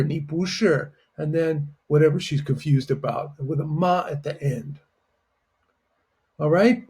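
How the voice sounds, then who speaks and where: A man's voice: a little high, a little mellow, slightly rough. A man teaching a Chinese lesson in a patient, explanatory way, often checking in with "right?". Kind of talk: online language lesson.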